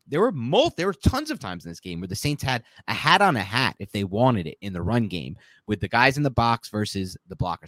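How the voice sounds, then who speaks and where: Male sports podcast host, animated and opinionated, very dry close-miked sound. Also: mid-range voice, no echo. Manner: animated, opinionated, laughs mid-sentence. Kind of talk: casual sports talk.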